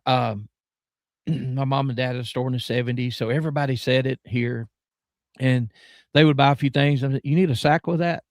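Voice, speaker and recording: A man's voice: medium pitch, flat delivery, normal speed, no echo. Southern guy chatting as a guest, rambly, lots of fillers, careful words, dry sound. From American South. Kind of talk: casual chat.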